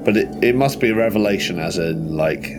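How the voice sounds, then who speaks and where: A man playing a tabletop horror game, talking excitedly and ramblingly through his character's actions, with some swearing. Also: sits low, fairly quick, music in the background. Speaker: player.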